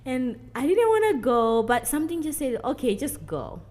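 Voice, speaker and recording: Animated woman telling a story. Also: high voice, normal speed. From Mozambique. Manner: animated, acts out quoted dialogue, frequent "like". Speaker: guest. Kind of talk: casual storytelling interview.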